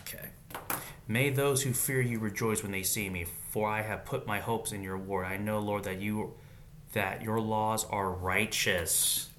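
A man with a fairly low voice reads scripture aloud in a relaxed, casual way. He stops between verses to add quick, slangy asides before going back to the text. A faint low rumble runs behind him. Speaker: Bible reader and commentator. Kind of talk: casual Bible reading with commentary.

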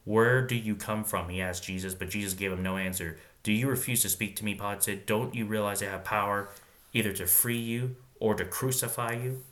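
A man's voice: lowish voice, steady tone, a bit bright. A man reading Bible passages aloud and stopping to muse informally on what they mean. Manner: reads scripture aloud, then pauses to muse and wonder aloud. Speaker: Bible reader and commentator.

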